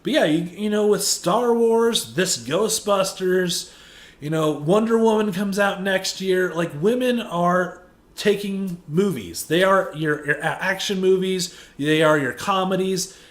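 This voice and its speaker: A man with a high voice reviews a film in a heated, profane rant. His words echo off the room around him. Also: a little slow. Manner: heated and profane, escalating into shouted rants. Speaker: movie reviewer. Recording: echoey room.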